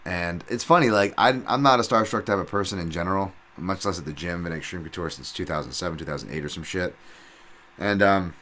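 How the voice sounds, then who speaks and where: A man in his thirties hosts a podcast, his voice low-pitched yet forceful and tense. He rambles in a loose, profane way, full of fillers and restarts, and flares up loud when something excites him. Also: fast, a little hiss or hum. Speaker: podcast host. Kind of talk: casual podcast talk.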